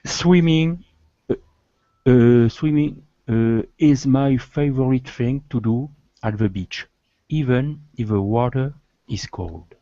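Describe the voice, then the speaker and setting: A man's voice: mid-range voice, mellow, dry recording, dull audio. A man learning English, reading his sentence with hesitations. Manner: halting, hesitant. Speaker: student.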